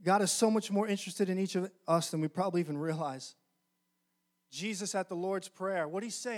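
A male pastor preaching a sermon in an earnest, emphatic way, often slowing down to stress key phrases. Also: high-pitched.

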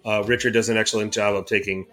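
A man's voice: on the low side, fast talker, faint music behind. Tired man co-hosting a sports podcast. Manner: relaxed, wraps up with plugs. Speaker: podcast co-host. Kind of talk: casual sports podcast chat.

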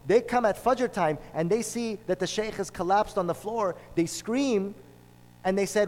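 A man's voice: high voice, a little fast, a little mellow. A man preaching a sermon, telling a story and driving points home with repeated phrases. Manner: storytelling, emphatic with repetitions. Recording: long hall reverb.

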